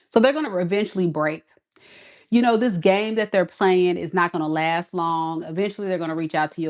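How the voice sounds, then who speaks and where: A woman giving a casual tarot reading, sassy and emphatic, talking straight to the viewer. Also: lowish voice. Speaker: tarot reader.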